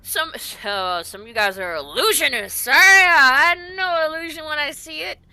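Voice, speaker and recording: Lady putting on a flustered crude old wizard guy, bright voice, all over the place. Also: high voice, animated, moderate pace, no echo, heavily acted. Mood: panicked gruff. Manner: gruff, crude, exclaiming. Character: panicked old wizard man made young again.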